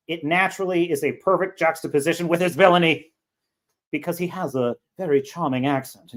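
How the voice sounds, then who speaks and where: A man from California with a Californian accent, hosting a casual livestream and joking his way through rambling commentary. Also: on the high side. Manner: rambling, joking, reads chat aloud. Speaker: livestream show host.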